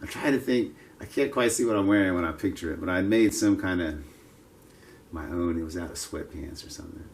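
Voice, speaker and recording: Fifties male vlogger, lowish voice, digressive and self-mocking, outdoor walk-and-talk. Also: fairly quick. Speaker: martial arts vlogger. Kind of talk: casual rambling monologue. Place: outdoors, with passers-by around.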